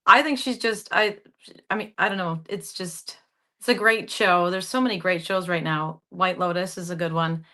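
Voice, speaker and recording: A young woman from the Upper Midwest speaks with a bright, clear tone and a regional accent. She chats animatedly as an actress guest in a radio interview, laughing often as she talks. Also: fairly low pitch, steady tone, moderate pace. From Upper Midwest, Michigan. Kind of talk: casual interview chat.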